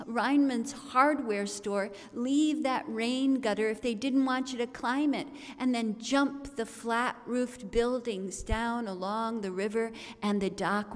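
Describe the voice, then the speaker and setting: A woman storyteller with a somewhat high voice spins a comic tale theatrically and without hurry. She speaks in a large worship hall, and a long reverb trails every phrase. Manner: theatrical, comic, expressive delivery. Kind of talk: performed storytelling at a service.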